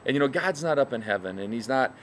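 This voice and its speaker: A middle-aged minister talks in a folksy, easygoing way, sharing a devotional story and leaning on "you know" fillers. His voice sits at an ordinary male pitch, and he speaks from a bed and breakfast with a faint hum behind him. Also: animated, fast, fairly bright tone. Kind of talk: casual devotional talk.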